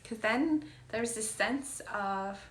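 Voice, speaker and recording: A woman's voice: a little high, slow pace, a bit bright, slight background noise. Earnest woman in an echoey room. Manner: earnest, emphatic, drops to whispers. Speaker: wellness coach. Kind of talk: casual heartfelt monologue.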